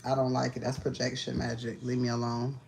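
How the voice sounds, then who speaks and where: A woman's voice: extremely low pitch, completely flat delivery, brisk, gravelly, darkish tone, slight background noise. A woman giving a casual livestream tarot reading, talking in a blunt, profane, slangy way and sounding tired and annoyed. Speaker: tarot reader.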